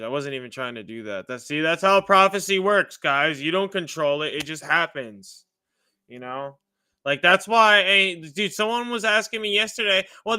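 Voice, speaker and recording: Bright, tense-voiced male livestream preacher. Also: on the high side, smooth, dry recording, clean studio sound. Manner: casual, chatty with viewers, uses "dude" and "you know". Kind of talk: casual livestream testimony and prophecy.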